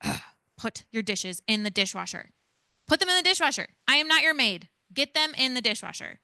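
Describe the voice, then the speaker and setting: A woman acting out an exasperated mother who scolds her child with sharp, repeated commands. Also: mid-range voice, fairly even intonation, moderate pace, gravelly, smooth, dry recording, clean studio sound. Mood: scolding, exasperated. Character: exasperated nagging mother yelling at her kid.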